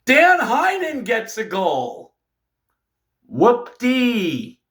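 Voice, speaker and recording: Exasperated high-voiced male hockey fan. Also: huge pitch swings, very slow. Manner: exasperated, sarcastic, shouts in bursts. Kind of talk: ranting fan recap.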